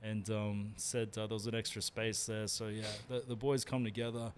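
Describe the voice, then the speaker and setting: A man's voice: on the low side, level tone, normal speed, a little hiss or hum. A man, co-hosting a podcast in casual chat and telling laid-back stories with swearing. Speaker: podcast co-host.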